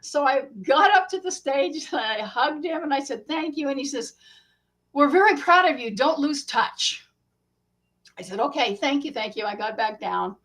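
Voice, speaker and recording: A woman author, a guest in an interview, telling a story in a casual, animated way and acting out the quotes. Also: sits high, moderate pace.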